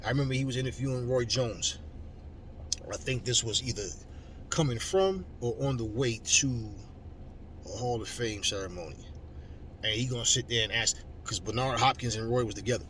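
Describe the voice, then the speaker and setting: A man's voice: medium pitch, normal speed. Guy ranting at his viewers, mocking and swearing a lot, mic a bit far off, faint noise behind. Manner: loud, mocking, heavy cursing. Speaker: boxing channel host. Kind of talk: profane rant to viewers. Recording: slightly distant mic with faint background noise.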